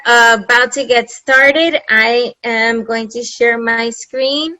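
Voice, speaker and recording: A woman's voice: a little high, steady tone, slow pace, hardly any pauses, bright, forceful tone, dry recording, low-quality recording. A woman hosting an online webinar from home over a video-call mic, effusive and enthusiastic, repeating phrases for emphasis. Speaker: webinar host. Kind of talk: presenting a webinar.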